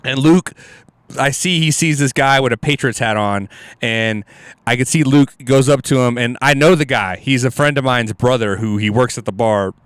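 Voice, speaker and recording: A man guesting as a comedian on a podcast, telling a bar story in an animated, swearing way with frequent laughs. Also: medium pitch, moderate pace, smooth, no room sound. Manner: animated, swearing, laughs often, jumps into loud shouted impressions.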